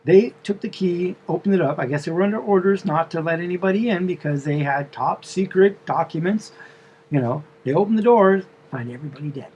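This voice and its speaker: A man's voice: high-pitched, a little fast, darkish tone, breathy edge, highs cut off. A man telling the story of a dream in a casual, meandering way, full of fillers and asides.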